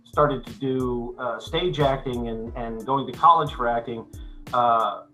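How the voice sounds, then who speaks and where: Older man, bright voice, guest actor. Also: medium pitch, faint music behind, rough recording. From United States. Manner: halting, many restarts and fillers, then clear and measured. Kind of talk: casual interview chat.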